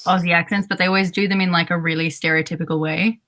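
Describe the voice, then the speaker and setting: Relaxed woman teacher, lower voice, casual chat. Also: fast talker. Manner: relaxed, reads comments aloud. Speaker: teacher and booktuber. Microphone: video call.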